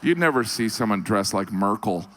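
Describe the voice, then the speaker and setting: A middle-aged man doing a deadpan stand-up routine on stage. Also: fairly low pitch, normal speed, noisy background. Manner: deadpan, puts on mock Russian voices in quotes. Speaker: stand-up comedian. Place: comedy stage before a live audience.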